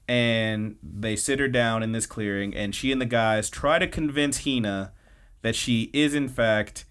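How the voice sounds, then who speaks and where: Guy on a podcast rambling through an anime recap, lots of likes and uhs, regular pitch. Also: fairly bright tone. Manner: rambling storytelling with many fillers. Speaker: podcast co-host. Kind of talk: casual anime episode recap.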